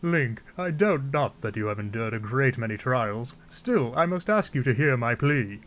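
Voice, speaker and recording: A man's voice: medium pitch, big pitch swings, normal speed, fairly bright tone, slight background noise. King Dorephan, a man doing a stately fish-king. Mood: regal. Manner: formal, stately old-fashioned speech. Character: huge, booming old fish-king, courteous and regal.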